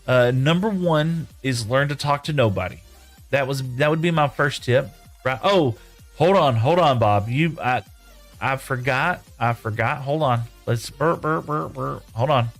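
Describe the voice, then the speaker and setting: A man's voice: mid-range voice, animated, measured pace, soft background music. A man streaming live from his home room, reading viewer chat aloud and answering in a folksy, rambling way.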